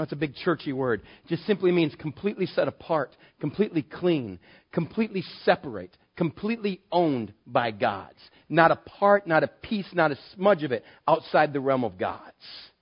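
Pastor, male, slightly high voice, dramatic sermon delivery, dull lo-fi recording. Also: slightly rough. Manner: dramatic, acts out voices of Satan and God.

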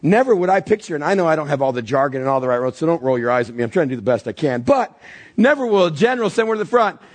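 A man's voice: fairly high pitch, rapid-fire. A middle-aged man preaching a sermon as pastor, telling stories and acting out voices as he goes. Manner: animated storytelling with acted-out voices.

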